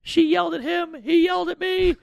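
A man voicing a panicked, weeping woman event producer in a shrill, frantic voice. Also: little pitch movement, a little fast, gravelly, a little mellow, no echo, clean studio sound, exaggerated voice.

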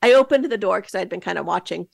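A woman podcast host spins a casual, rambling story into a close mic, full of fillers and asides. Her voice has a gravelly, fry-edged texture, and the recording is dry with no room sound. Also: mid-range voice, lively intonation, fast, no room sound. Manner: chatty, with many fillers and quoted asides.

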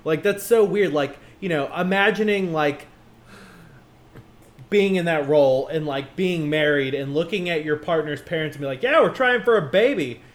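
A man chatting casually as a podcast co-host, joking and animated, jumping up in pitch for emphasis. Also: normal speed. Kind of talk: casual chat.

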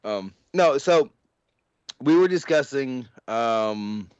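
A man's voice: mid-range voice, expressive, takes it slowly, smooth, no echo. Male podcast host, rambling and chuckly, dull lo-fi dry sound. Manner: rambling, laughs often, restarts. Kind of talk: casual podcast chat.

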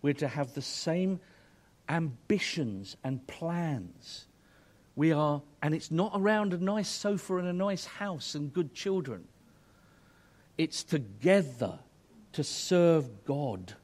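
A man's voice: a little high, expressive, takes it slowly, a little mellow. A middle-aged man preaching a sermon to married couples, earnest and emphatic, rising to fervent exhortation.

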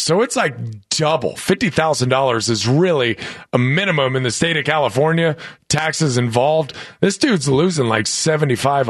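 A man's voice: a little high, fairly bright tone, slightly rough, dry recording, studio quality. A man co-hosting a sports radio show, bantering in a jokey, mock-indignant way. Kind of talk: casual banter.

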